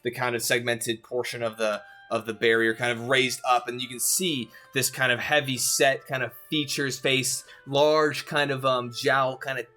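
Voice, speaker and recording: A man's voice: mid-range voice, flat delivery, moderate pace, few pauses, sharp tone, faint music behind. A man narrating as game master of a tabletop game, rambling with lots of fillers.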